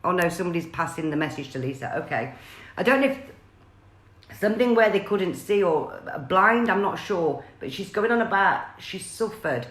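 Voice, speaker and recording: A woman's voice: lowish voice, animated, normal speed, few pauses, a bit bright, echoey room. A woman, chatting on a live stream as a psychic medium and passing on messages with many fillers and restarts.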